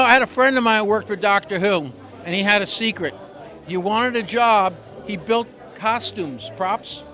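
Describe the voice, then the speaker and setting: A man's voice: high voice, bright, forceful tone. A man hosting a local TV show on location at a busy photography exhibition opening, chatting and joking with a handheld mic. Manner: chatty, joking, rambling asides. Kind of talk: casual on-location interview.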